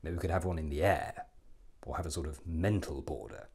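A man's voice: rumbling low, brisk, darkish tone, slightly rough, pitched below the performer's own voice, full character voice. A man doing a satirical impression of a bumbling, smug British prime minister, blustering through a comic monologue with chuckling self-mocking asides. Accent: English.

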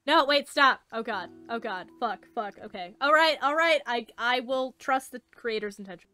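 A woman in her late teens giving excited let's play commentary, gushing, squealing and swearing. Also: on the high side, moderate pace, hardly any pauses, clear, resonant tone, no room sound, soft background music.

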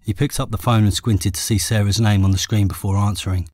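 A man with an English accent reading his own memoir as an audiobook in a steady, measured way. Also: on the low side, dry recording, clean studio sound. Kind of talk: audiobook narration.

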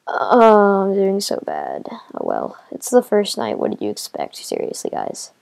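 A woman giving casual commentary as she plays a video game, talking to herself and getting excited as she goes. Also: medium pitch, slow pace, creaky. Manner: excitable, talks to herself while playing. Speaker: gamer.

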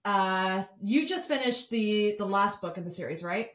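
A woman's voice: mid-range voice, expressive, fairly bright tone. Chatty woman podcast host, roomy sound. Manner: chatty and quick, with frequent restarts. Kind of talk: casual book chat. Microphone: remote recording software.

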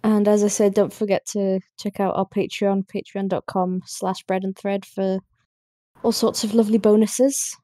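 A woman's voice: medium pitch, flat delivery, moderate pace, mellow, no room sound, clean studio sound. A young woman with a northern English accent co-hosting a podcast in an easygoing, casual way. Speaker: podcast co-host. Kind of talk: casual chat.

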